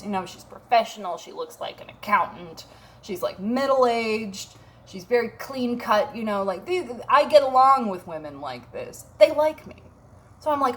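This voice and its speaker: A woman's voice: mid-range voice, animated, moderate pace, a little hiss or hum. A woman in her thirties, from Minnesota, tells a casual story on her vlog with a wry, self-mocking manner and plenty of swearing. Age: 30s. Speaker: vlogger.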